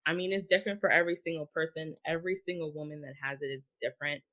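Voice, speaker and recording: A woman's voice: low voice, steady tone, racing, a bit bright. A woman hosting a conversational interview, speaking in a heartfelt way with lots of filler "likes". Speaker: podcast host.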